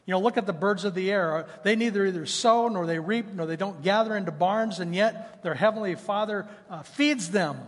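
Husky high-voiced pastor in a reverberant hall. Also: male voice, moderate pace, hardly any pauses. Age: 50s. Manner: conversational preaching mixed with personal stories. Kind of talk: sermon. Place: church sanctuary.

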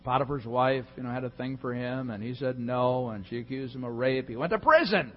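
A man's voice: mid-range voice, brisk, long reverb tail, dull audio. A man preaching a conversational sermon as pastor, chatty and joking with many fillers and asides.

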